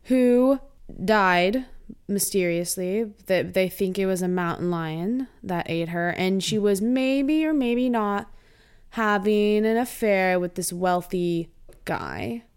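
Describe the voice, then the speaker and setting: A woman co-hosting a casual podcast, retelling a TV episode in an animated, laughing way. Her pitch sits in a middle range. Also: slow pace, smooth. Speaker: podcast co-host. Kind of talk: casual chat recapping a TV episode.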